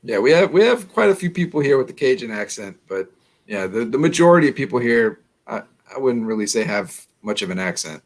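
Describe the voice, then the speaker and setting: A man's voice: mid-range voice, very animated, fairly quick. Chatty New Orleans man, laughing often. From New Orleans, USA. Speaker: guest. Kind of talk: casual interview chat.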